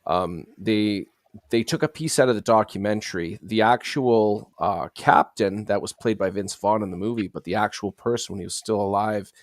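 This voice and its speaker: A man being interviewed as a guest, telling stories in an earnest, reflective way with frequent pauses and hesitations. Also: on the low side, dry recording, studio quality. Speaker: guest, fantasy series creator. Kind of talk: casual interview conversation.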